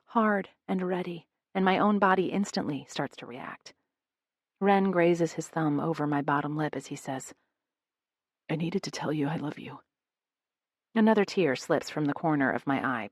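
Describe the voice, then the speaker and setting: A woman's voice: fairly low pitch, dry recording, studio quality. A woman reading a first-person romance audiobook in an intimate voice. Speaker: audiobook narrator.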